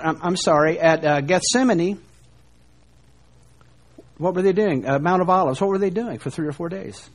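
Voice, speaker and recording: A man preaching a sermon, animated and emphatic, often posing rhetorical questions. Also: high voice.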